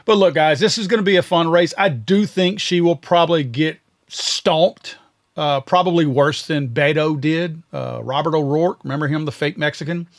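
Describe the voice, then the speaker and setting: A man's voice: a little high, normal speed. A man from Louisiana hosting a podcast, giving blunt and sarcastic political commentary. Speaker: podcast host.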